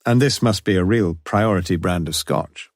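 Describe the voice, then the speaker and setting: Audiobook: a man doing a clever, commanding detective, deep and slightly husky, gently coaxing. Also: normal speed, no echo, studio quality. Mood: wry. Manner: wry, coaxing and quietly commanding. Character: shrewd, wry male police inspector. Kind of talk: audiobook character voice.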